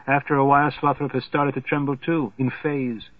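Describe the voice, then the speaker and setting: A man narrating a literary novel as an audiobook in a measured voice that grows hushed in somber passages. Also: medium pitch, level tone, no echo. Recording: tinny phone-like sound, dry.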